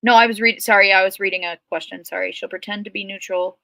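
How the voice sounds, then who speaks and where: A woman's voice: mid-range voice, fairly even intonation, quick pace, creaky, bright, forceful tone. A woman with a Minnesota accent, telling her story as a guest in a casual livestream chat, rambling with frequent ums.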